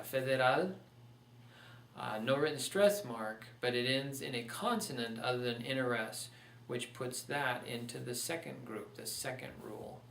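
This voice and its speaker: A man's voice: medium pitch, vocal fry, fairly bright tone, recorded from a distance, slight background noise. A man teaching a recorded Spanish pronunciation lesson, patiently walking through examples step by step. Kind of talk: recorded online lecture. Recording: echoey room, voice off-mic.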